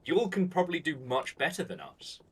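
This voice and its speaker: A man's voice: on the high side, sing-song, a little fast, a bit bright, breathy edge. A playful man hosting a livestream, chatting casually with friends over voice chat and laughing often. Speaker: streamer host. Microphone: headset mic over voice chat.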